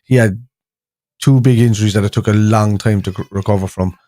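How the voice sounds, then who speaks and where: A man's voice: fairly low pitch, steady tone, fairly quick, warm tone, dry recording. Rambling Scouse man, dry close mic. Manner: rambling, restarts, reads viewer comments aloud. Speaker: fan show host. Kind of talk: casual live-stream football chat.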